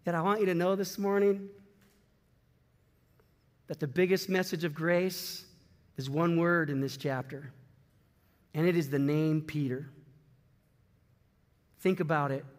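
A man preaching a sermon to a congregation, swinging from loud bursts to hushed, drawn-out words. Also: on the high side, fairly even intonation. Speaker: pastor. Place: church sanctuary. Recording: long hall reverb.

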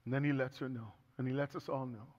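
A man's voice: mid-range voice, fairly even intonation, quick pace, darkish tone, slight background noise. A middle-aged man preaching a sermon as pastor, telling stories with humor and earnest turns. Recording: echoey hall, dull sound.

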